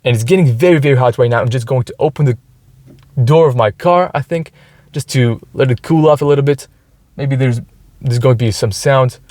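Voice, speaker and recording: A man's voice: mid-range voice, a little fast, darkish tone, dry recording. A man hosting a casual solo podcast from inside his car. He talks loosely, often restarts his words and ends sentences with "right?". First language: French. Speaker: podcast host.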